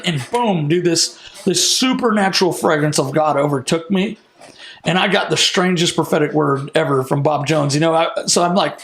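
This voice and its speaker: A man recounts his testimony in a loose, animated storytelling manner, full of casual fillers. His voice sits a bit high with a gravelly edge. The room is noticeably echoey. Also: a little fast. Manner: lively, casual, lots of "like" and "you know". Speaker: minister sharing a testimony.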